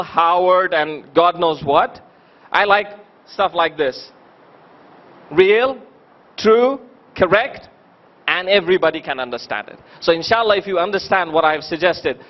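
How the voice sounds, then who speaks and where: A man's voice: high voice, muffled recording. A man speaking at a convention, telling stories and asking the audience rhetorical questions. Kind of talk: motivational speech with storytelling. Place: convention hall.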